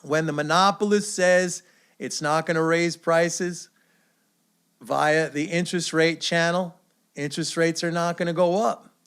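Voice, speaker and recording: A man's voice: a little high, fairly even intonation, measured pace, fairly bright tone, clean tone. A man hosting his own economics commentary video, talking in a confident, emphatic, lecturing way. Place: away from usual studio.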